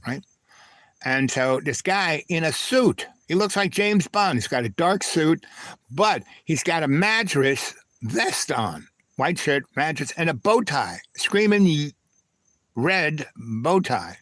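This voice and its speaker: A man's voice: a little high, sing-song, takes it slowly, a bit bright, no echo. Rambling man telling a personal story. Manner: digressive, loose, full of "right?" and "anyway". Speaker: live stream host. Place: home live stream.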